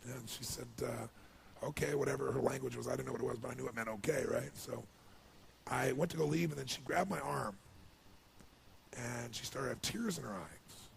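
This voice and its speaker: A man speaks to an audience in a deeply gravelly, rough voice. He tells his story with feeling and swings up into excited, loud stretches. Faint ambient noise sits under the recording. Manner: emotional storytelling, builds to excited highs. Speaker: motivational speaker. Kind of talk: speech to an audience.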